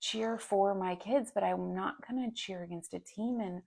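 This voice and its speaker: A woman's voice: mid-range voice, normal speed, gravelly. A woman in her thirties co-hosting a podcast, telling stories in casual chat with lots of fillers. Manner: animated storytelling with many fillers. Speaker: podcast co-host.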